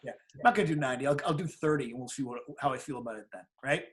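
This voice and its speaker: A middle-aged man appears as a guest on an interview show, recounting a personal story in a casual, animated manner. His pitch is medium and his delivery rapid-fire, and he acts out the voices of the people he quotes.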